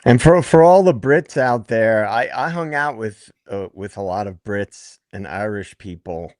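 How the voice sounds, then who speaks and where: A man's voice: on the low side, expressive, measured pace, darkish tone, dry recording, clean studio sound. A man from Brooklyn on a live stream panel, chatting and telling anecdotes. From Brooklyn, New York. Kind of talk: casual panel chat.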